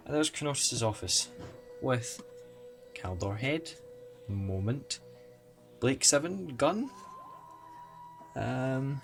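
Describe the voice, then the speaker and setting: Male vlogger, excitable and wry, slow delivery, medium pitch, music bed behind. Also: vocal fry. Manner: excitable, chatty, self-mocking asides. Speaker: toy collector vlogger. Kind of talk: casual unboxing commentary. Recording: music playing underneath. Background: background music.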